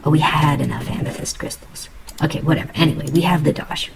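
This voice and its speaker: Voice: mid-range voice, a little fast, vocal fry, background noise. A host giving casual, rambling commentary while playing a video game, musing aloud in a put-on accent. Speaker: let's play host.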